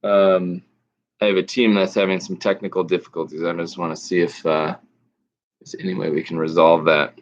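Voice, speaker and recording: A man hosting an online trivia night, reading out questions slowly with pauses and fillers. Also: sits low, little pitch movement. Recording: dull lo-fi audio.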